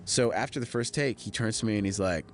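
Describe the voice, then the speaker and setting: A man, a film director, giving a DVD audio commentary, telling stories in an animated way and mimicking the people he quotes. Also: fairly low pitch, fast. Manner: animated anecdotal storytelling, mimicking others in quoted dialogue.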